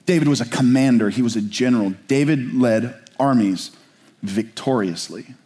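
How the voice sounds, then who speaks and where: A man preaching a sermon as a pastor, passionate and searching, with slow pleading questions and quicker explanatory asides. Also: mid-range voice, dark tone.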